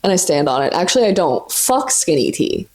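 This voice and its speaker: A woman's voice: fairly low pitch, sing-song, fairly quick, a little mellow. A woman in her twenties hosting a casual solo podcast from home, chatting freely with lots of swearing and "like" fillers. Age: 20s. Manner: chatty, profane, many "like" fillers. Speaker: podcast host. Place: sitting on the floor at home.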